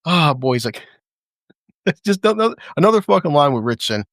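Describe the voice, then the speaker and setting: A man's voice: fairly high pitch, very animated, moderate pace, a bit bright, no echo, clean studio sound. A man casually recapping a TV episode on a livestream, rambling, swearing a lot and laughing often. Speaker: show recap host.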